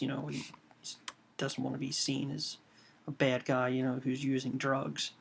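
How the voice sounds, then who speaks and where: A man pitching a storyboard, walking through the scenes hesitantly with many fillers. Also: vocal fry, a little hiss or hum. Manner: hesitant, full of "um" and "you know".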